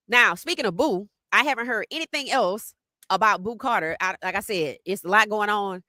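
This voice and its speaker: A woman with a bright, forceful, mid-range voice hosts a live sports podcast stream, talking briskly in an animated, teasing way and greeting chat viewers by name. The recording is dry and close, with no room sound.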